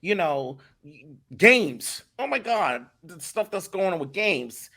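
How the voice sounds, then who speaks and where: A man talking as a guest in a casual podcast interview, animated and emphatic, often repeating his words. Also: high-pitched, slow. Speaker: voice acting director, guest.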